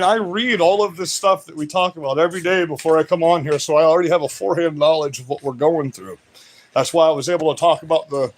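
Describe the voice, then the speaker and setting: A man hosting a livestream, ranting heatedly and with constant swearing at the people he is addressing. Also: a little high. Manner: profane, heated, ranting to the audience; keeps saying "you know what I mean". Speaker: livestream host. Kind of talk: livestream rant.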